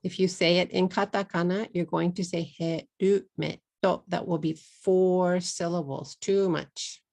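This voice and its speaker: Texan woman, English teacher, low gravelly voice, slow careful drilling of words. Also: steady tone, a little mellow. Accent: Texas. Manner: slow, drawn-out model words, repeated for learners. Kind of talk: pronunciation lesson.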